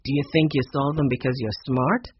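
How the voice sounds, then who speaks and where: A man voicing a cold, sly, condescending man in a storybook, curt and husky. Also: mid-range voice, fairly even intonation, brisk, voice pushed down. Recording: dull muffled recording.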